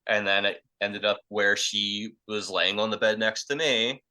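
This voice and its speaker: Heard on a low-quality recording, a young man with a fairly low pitch and a steady tone talks a little slowly. He's a podcast storyteller, casually rambling through a crude, profane tale packed with fillers and loudly acted-out quotes.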